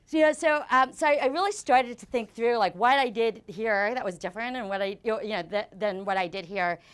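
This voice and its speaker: A woman in her forties giving a live conference talk, talking fast with lots of fillers and restarts. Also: a little high, fairly bright tone, clean tone. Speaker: conference speaker. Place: conference venue before an audience.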